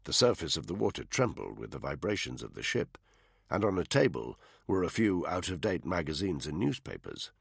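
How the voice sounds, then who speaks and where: An audiobook narrator reads a thriller in a measured, expressive style. His very deep, gravelly voice has a husky grain and lively pitch. The sound is close and dry, with no room sound.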